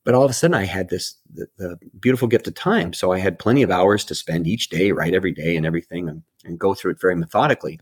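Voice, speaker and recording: A middle-aged man with a very low, husky voice talks through his story in an interview. He is reflective and halting, often repeating words as he finds his way into a sentence. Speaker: author and life coach guest.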